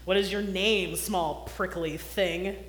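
A woman voicing a big, gruff, mocking male rhinoceros in a story read to children. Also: mid-range voice, expressive, slow, fairly bright tone, a little hiss or hum. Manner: growling, then helpless laughter. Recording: roomy hall.

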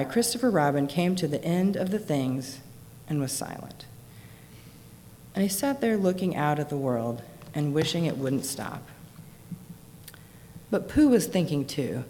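A woman reading a children's story aloud in a gentle, expressive way, with long reverb on the recording. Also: sits low, slight background noise. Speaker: narrator.

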